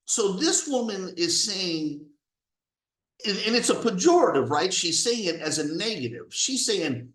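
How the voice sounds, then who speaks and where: A man's voice: high voice, big pitch swings, unhurried, fairly bright tone, reverberant, low-quality recording. A man giving an angry, profane political rant as a commentator, with heavy emphasis.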